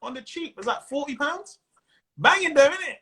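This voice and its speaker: A man's voice: very high-pitched, expressive, moderate pace, sharp tone. A man with a London accent chatting casually and jokily as a comedian guest on a video call, full of slang. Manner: slangy, jokey, laughs often. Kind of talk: casual chat.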